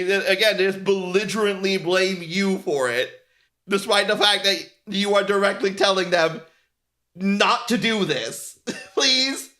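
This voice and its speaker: A man's voice: sits high, pushed and bright. A male streamer ranting in casual commentary while painting miniatures, swearing constantly, laughing often and mocking others in quoted voices. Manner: profane, laughing often, mock-quoting others.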